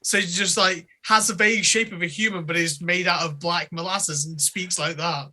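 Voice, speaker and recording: Bright, chatty male player. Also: high-pitched, moderate pace. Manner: chatty, stammers when excited. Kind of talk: casual tabletop play.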